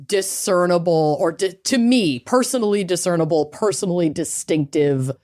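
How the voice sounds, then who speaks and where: A woman's voice: on the low side, moderate pace, a little mellow. A woman co-hosting a podcast in casual chat, talkative and self-deprecating, often trailing off and restarting. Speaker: podcast co-host.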